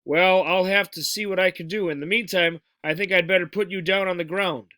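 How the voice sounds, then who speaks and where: A man voicing an eager, excitable young boy who exclaims breathlessly, in a storybook read-aloud. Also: high voice, brisk, no room sound. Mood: earnest.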